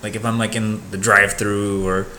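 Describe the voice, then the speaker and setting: A young man co-hosting a podcast in casual chat, animated and swearing freely as he tells stories. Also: normal speed, slight background noise. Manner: animated storyteller, mimics customers in high voices, swears a lot. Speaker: podcast co-host.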